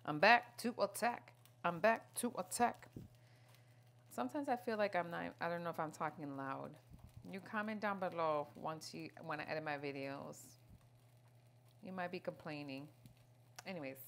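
A woman's voice: on the low side, slight background noise. Chatty middle-aged woman cooking at home. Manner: chatty, playful, joking asides to viewers. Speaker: lifestyle vlogger. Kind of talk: casual cook-along vlog chat. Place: home kitchen, indoors. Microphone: wireless clip-on mic.

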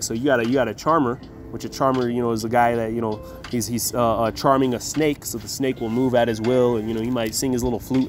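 A man teaching scripture, reading verses slowly and with emphasis, then explaining them in loose everyday talk with a faint music bed behind. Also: medium pitch. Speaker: Bible teacher. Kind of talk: scripture reading with casual commentary.

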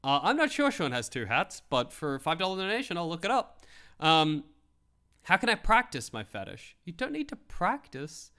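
Aussie guy riffing on a live stream, bouncy voice that swoops all over, bright edge, laughs and swears a lot. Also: fairly high pitch, normal speed, smooth. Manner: animated, laughing, mock-outraged, swearing freely. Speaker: livestream host. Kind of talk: comedic live-stream commentary.

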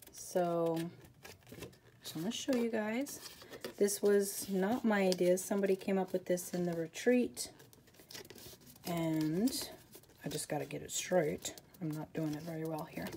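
A woman's voice: fairly low pitch, mellow, a little hiss or hum. A woman hosting a casual papercraft tutorial, chatty and rambling, with self-deprecating asides as she works.

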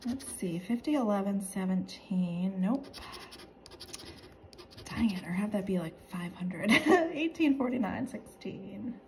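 A woman reads numbers off lottery tickets in a casual, excitable way, laughing often. Her pitch swoops widely while her pace stays slow and drawn out. A faint noise sits under the recording. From North Carolina. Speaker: scratch-off ticket vlogger.

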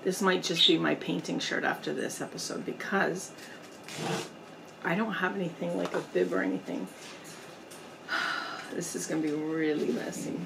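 A woman vlogger chatting casually while eating on camera at home, pausing often to savor her food. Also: on the low side, lively intonation, creaky, background noise. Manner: slow, chatty, pauses to eat and savor. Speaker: mukbang vlogger. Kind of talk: casual eating vlog chat. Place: indoors at home, storm outside.

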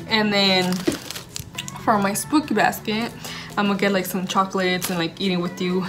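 Loud music plays behind a young woman vlogging at home, her mid-range voice at a moderate pace. She chats to camera casually, gushing, rambling, and using "like" often.

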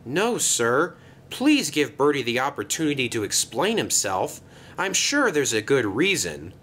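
A man voicing an earnest young male tank engine in a storybook tale, speaking in an excited, pleading way. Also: unhurried, a little hiss or hum. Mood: upset. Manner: excited, pleading, raised-pitch voice.

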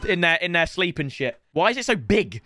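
High-pitched excitable gamer. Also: male voice, a little fast, faint music behind. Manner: excitable, swearing, yelling at the game. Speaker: gaming YouTuber. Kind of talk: let's-play gaming commentary.

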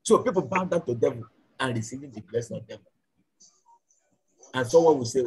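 A man's voice: medium pitch, animated, a little fast, long pauses, husky, low-quality recording. A man preaching a church sermon and leading fervent prayer, repeating his lines again and again. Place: church service.

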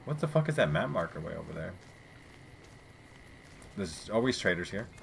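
A man's voice: sits low, very animated, normal speed, creaky, slight background noise. A man giving casual, rambling gameplay commentary, swearing freely and chatting to his viewers. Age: adult parent. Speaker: let's play gamer.

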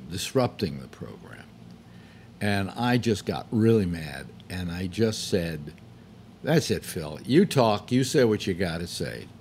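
A man's voice: lowish voice, a little mellow, a little hiss or hum. A man hosting his own show, talking casually in a rambling way, full of fillers, restarts and the odd curse when frustrated. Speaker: host. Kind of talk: casual monologue.

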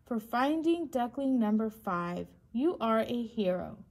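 A woman's voice: on the high side, lively intonation, a little slow, a little mellow. A woman doing a fussy mother duck. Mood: warm.

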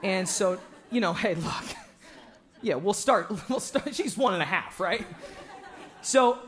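Animated high-voiced male preacher. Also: takes it slowly, crowd noise. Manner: animated, joking, bursts into shouting. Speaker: evangelist. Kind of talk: sermon. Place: church.

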